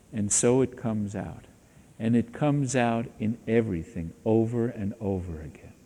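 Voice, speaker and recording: A man giving a spiritual teaching talk, telling stories in a slow, deliberate way, in an echoey hall. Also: mid-range voice, a little mellow.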